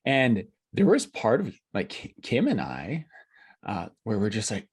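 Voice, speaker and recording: A man's voice: medium pitch, big pitch swings, creaky, slightly rough. A man hosting a podcast, chatting with enthusiasm and agreeing often. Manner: enthusiastic, quick affirmations. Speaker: podcast host. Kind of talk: casual conversation.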